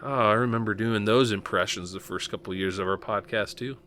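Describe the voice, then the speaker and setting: A man's voice: fairly low pitch, fairly quick, a bit bright, a little hiss or hum. A man from Nebraska hosting a podcast in casual chat, rambling with lots of fillers and chuckles. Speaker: podcast host.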